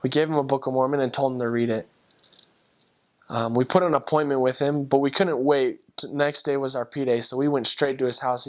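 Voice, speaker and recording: A man's voice: medium pitch, fairly bright tone. Earnest young man telling a heartfelt story. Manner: earnest, heartfelt, with frequent restarts. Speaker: returned missionary. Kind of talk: personal storytelling.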